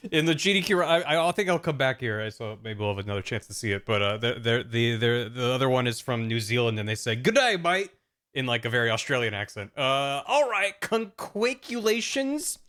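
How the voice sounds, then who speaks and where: A man's voice: medium pitch, brisk, fairly bright tone, smooth. A man streaming a video game, making wry, joking asides in casual commentary.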